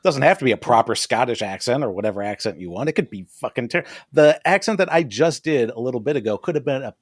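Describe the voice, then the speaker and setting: A man's voice: mid-range voice, expressive, fast talker. A male podcast co-host with a mid-range voice, chatting casually and profanely about a TV episode, cracking jokes and laughing along the way. The sound is close and dry, with no room echo. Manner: profane, joking, laughs often. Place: podcast studio.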